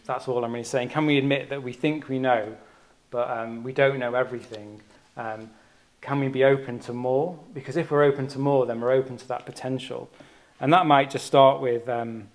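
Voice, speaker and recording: A man giving a personal Dharma talk on retreat. He speaks as a doctor, in an earnest, searching way, thinking aloud as he goes. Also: mid-range voice.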